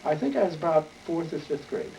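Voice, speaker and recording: A man's voice: on the high side, animated, fairly quick, gravelly, mellow. Older man telling a rambling folksy tale. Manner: folksy, rambling, chuckling storyteller. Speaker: interviewee. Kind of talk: oral history storytelling. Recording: distant mic with faint noise.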